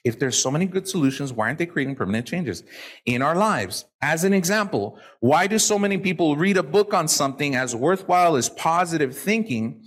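A man giving a live motivational talk to an audience, animated and profane, acting out the people he quotes. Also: a little high, fairly quick. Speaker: motivational speaker.

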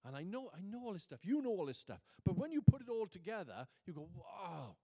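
A man preaching a sermon, moving from quiet reflection to booming emphasis and reading scripture slowly. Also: big pitch swings. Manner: reads scripture aloud slowly.

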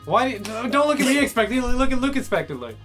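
A man's voice: extremely high pitch, sing-song, quick pace, music in the background. Playful laughing man in banter. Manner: laughs often, self-conscious, playful. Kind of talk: casual banter among friends.

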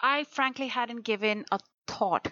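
A woman guest in a podcast conversation, explaining frankly and in a measured way. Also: fairly high pitch, sharp tone, no echo. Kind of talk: casual conversational talk. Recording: slightly dull, dry lo-fi sound.

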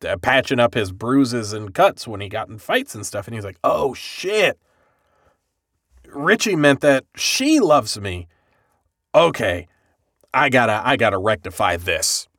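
A man's voice: mid-range voice, no room sound, studio quality. A man hosting a podcast, recapping an anime in casual, profane chat and acting out the characters' lines. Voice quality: bald-headed joker, swears freely. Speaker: podcast host.

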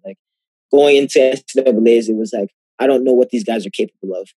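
Husky young man telling his story. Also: mid-range voice, quick pace, dry recording. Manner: animated, acts out quoted exchanges. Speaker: guest athlete. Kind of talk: casual storytelling interview.

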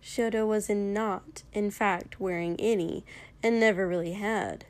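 A woman narrating a fan fiction story aloud in an even, unhurried storytelling voice. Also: mid-range voice.

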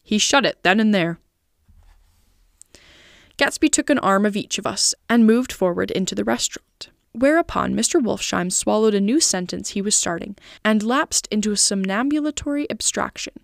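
A woman narrating a classic novel aloud in an even, clear storytelling manner. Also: mid-range voice, normal speed, no room sound, studio quality. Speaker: podcast reader. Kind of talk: scripted narration.

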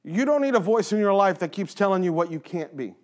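A man's voice: high voice, animated, fast talker. A man who leads in a church, talking earnestly and emphatically in a casual faith conversation, repeating phrases for stress. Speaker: church leader.

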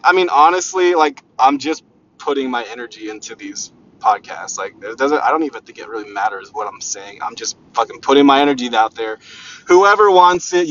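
A man's voice: medium pitch, a bit bright. A man hosting a rambling solo motivational podcast, talking in a brash, profane way. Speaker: podcast host. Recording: dull lo-fi recording.

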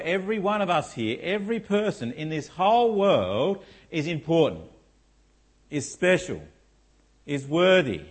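A man's voice: on the high side, slightly rough. A middle-aged man preaching a sermon in a church, often asking the congregation rhetorical questions like "isn't it?". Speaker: pastor.

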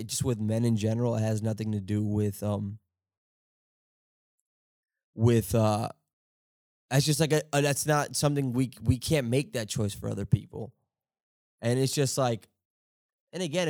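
A young man hosting a podcast, talking in a halting, profane, rambling monologue and laughing often. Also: mid-range voice, darkish tone, no echo, clean studio sound. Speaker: podcast host.

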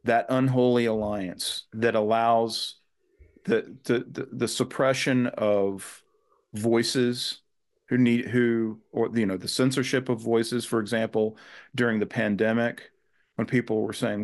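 A man speaking as a guest on a podcast, his pitch sitting in an ordinary middle range. He talks earnestly and thoughtfully, often restarting his sentences as he works through his ideas. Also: fairly even intonation, measured pace. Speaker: guest author. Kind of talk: conversational podcast interview.

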